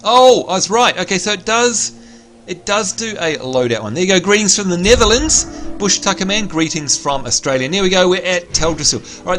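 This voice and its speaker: A man livestreaming a video game, chatting casually, reading out viewer messages and giving shout-outs, with excitable bursts while he plays. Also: high voice, fairly quick, soft background music.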